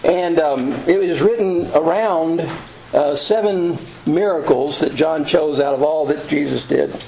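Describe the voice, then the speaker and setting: A man teaching a casual Bible study lesson, pausing often with ums and uhs. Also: a little high, gravelly, warm tone, a little hiss or hum. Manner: halting, many ums and uhs. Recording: roomy echo.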